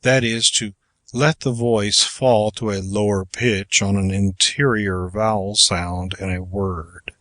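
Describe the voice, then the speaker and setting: Slow, deliberate male reader. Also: fairly low pitch, steady tone, a bit bright, no room sound. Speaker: audiobook reader. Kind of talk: slow measured reading of a speaking manual.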